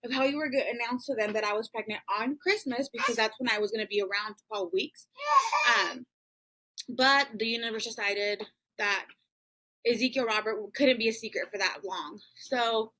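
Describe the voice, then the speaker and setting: A woman's voice: a little high, moderate pace, sharp tone, low-quality recording. A woman hosting a podcast, telling a personal family story in a casual, chatty way full of "um" and "like". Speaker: podcast host.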